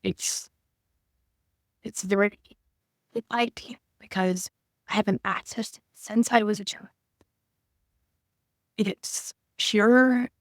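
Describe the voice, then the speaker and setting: A woman in her thirties talking to camera about her own past, halting and emotional, often searching for words. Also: medium pitch, fairly even intonation, dry recording, studio quality. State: tearful at times. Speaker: vlogger. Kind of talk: personal reflective talk to camera.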